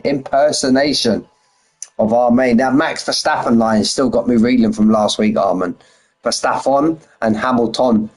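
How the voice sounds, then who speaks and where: A man's voice: mid-range voice, darkish tone, slightly rough. A man live-streaming a sim racing league, chatting casually and greeting viewers. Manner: chatty, greets viewers by name, reads standings aloud.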